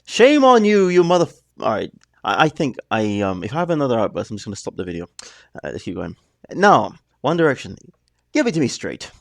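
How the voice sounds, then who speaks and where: Gravelly, animated man joking through a reaction. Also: fairly low pitch, a little fast, no room sound, studio quality. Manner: chatty, joking asides, rambling. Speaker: reaction video host. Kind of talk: casual reaction commentary. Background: song playing underneath.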